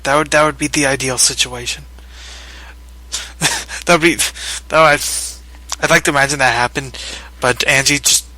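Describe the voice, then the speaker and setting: A man's voice: mid-range voice, steady tone, moderate pace, long pauses, bright, forceful tone, poor audio. A man chatting casually as a co-host, joking and laughing often. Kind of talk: casual chat.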